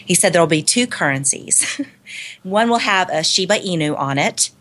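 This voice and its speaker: A woman's voice: on the low side, lively intonation, normal speed, a bit bright. A woman recounting a conference talk in casual chat, hesitant with many fillers and small laughs. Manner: hesitant, filler-heavy, giggly retelling. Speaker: guest reporting from a conference.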